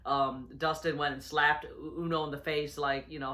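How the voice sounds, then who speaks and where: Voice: mid-range voice, little pitch movement, moderate pace, sharp tone. A reviewer giving a casual recap of a wrestling episode, rambling with lots of fillers and restarts, and chuckling often.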